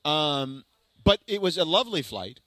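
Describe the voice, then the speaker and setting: A man's voice: on the high side, very animated, moderate pace, fairly bright tone, dry recording. A man co-hosting a sports radio show, chatty and easygoing, with frequent agreeing fillers. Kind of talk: casual sports talk. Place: radio studio.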